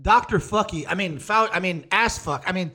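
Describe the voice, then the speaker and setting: A young man with a high-pitched, pushed and bright voice speaks at normal speed as host of a casual podcast. He's a rambling storyteller, sharing crude stories with lots of swearing and frequent laughter.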